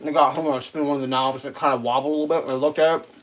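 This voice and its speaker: A man tells a long, rambling story on a live stream, his voice sitting a little high and loose. He swears freely and jumps into a raised voice when he quotes people. Faint frying and sizzling can be heard behind him. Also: fairly even intonation, very fast, slight background noise. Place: home kitchen while cooking.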